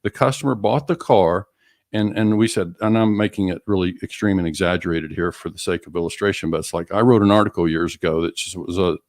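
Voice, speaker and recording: A man's voice: low voice, brisk, darkish tone, no echo, studio quality. A middle-aged man co-hosting a business podcast, explaining with examples and acting out customer conversations. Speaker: co-host, auto finance coach.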